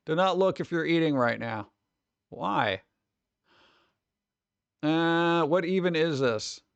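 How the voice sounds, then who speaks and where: A man's voice: on the high side, animated, slow pace, gravelly, smooth, dry recording, dull audio. Sarcastic streamer man from New York. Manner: sarcastic, mumbled asides. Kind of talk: casual live-stream chat.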